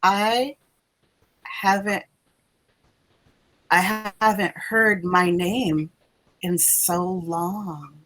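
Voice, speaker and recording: A woman's voice: medium pitch, fairly even intonation, slight background noise, low-quality recording. Woman voicing a mournful shy ghost girl. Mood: wistful. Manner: soft, hesitant and halting. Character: lonely shy female student ghost, mournful.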